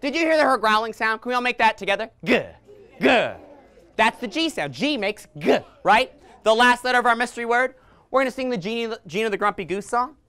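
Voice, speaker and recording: A woman in her thirties teaching young children letter sounds in a library, playful and animated, making silly sounds and growls for them to copy. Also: fairly high pitch, fairly quick, clear, resonant tone. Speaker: children's entertainer. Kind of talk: interactive children's phonics lesson. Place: public library room with children. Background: faint ukulele.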